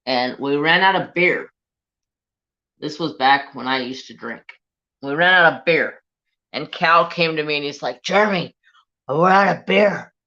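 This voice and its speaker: Slow, halting man with a dull recording. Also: a little high, pushed and bright. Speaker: crafting vlogger. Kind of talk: casual storytelling while crafting.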